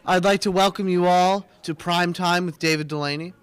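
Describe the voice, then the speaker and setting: A young man hosting a casual live student TV segment, joking and mock-pompous with quick asides. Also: high voice, steady tone, a bit bright, clear, resonant tone. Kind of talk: casual live-stream banter. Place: small studio room.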